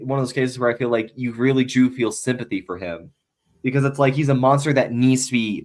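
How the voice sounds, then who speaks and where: A man's voice: mid-range voice, darkish tone. Male podcast co-host, sincere and chatty, lots of filler words. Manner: earnest, filler-heavy retelling of film scenes. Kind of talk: casual chat.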